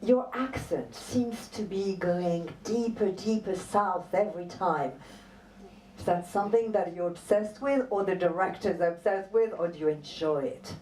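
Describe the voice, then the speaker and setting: A woman's voice: on the low side, unhurried, dark tone. A woman interviewing a guest at a public conversation, thanking him graciously. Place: event hall. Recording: echoey hall with faint crowd.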